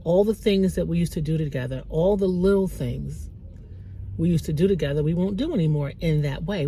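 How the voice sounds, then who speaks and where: A woman's voice: sits low, mellow, a little hiss or hum. A middle-aged woman speaking candidly and emotionally in a personal faith vlog, rambling and repeating herself as she shares. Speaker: Christian motivational vlogger.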